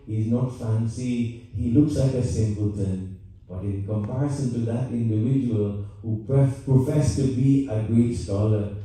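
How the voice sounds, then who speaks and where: A man's voice: medium pitch, warm tone. A man, a pandit, giving a storytelling sermon at a temple, asking his listeners questions and repeating his words as he tells the story. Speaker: pandit giving a spiritual talk. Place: large temple hall. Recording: roomy echo, voice from far off.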